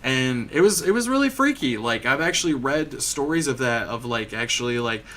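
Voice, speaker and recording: Young man from Michigan, podcast host, rambling casual chat, bright tone, faint background noise. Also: medium pitch, expressive, moderate pace. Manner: rambling storyteller, heavy filler "like", frequent swearing.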